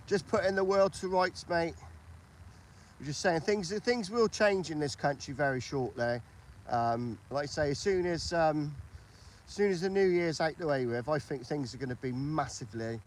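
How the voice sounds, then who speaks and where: A man's voice: mid-range voice, slight background noise. A British man hosting a casual political chat on a livestream, repeating himself and asking for agreement. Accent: British English. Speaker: livestream host.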